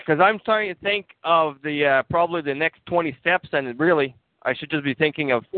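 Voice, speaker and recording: A man's voice: fairly high pitch, fairly quick, no echo. A man asking for advice on a casual phone call, hesitant and stumbling over his words. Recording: tinny phone line from a distance.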